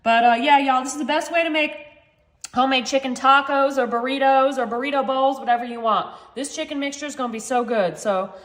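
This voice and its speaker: A woman's voice: sits high, brisk, echoey room. A woman hosting a casual home cooking video, chatty and self-joking, calling her viewers "y'all.". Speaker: home cooking channel host. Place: home kitchen.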